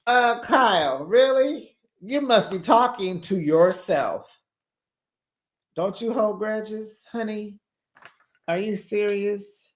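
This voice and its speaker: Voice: mid-range voice, slow. A reality TV recap host giving casual, sassy commentary, laughing often and putting on voices for quoted lines. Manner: sassy, animated, frequent laughter; slips into quoted voices while retelling scenes.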